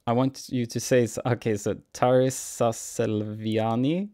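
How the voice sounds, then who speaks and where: A young man, a cellist answering viewer questions in a relaxed, musing Q&A vlog, chuckling often. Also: mid-range voice, measured pace. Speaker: cellist and YouTuber. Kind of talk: casual Q&A vlog.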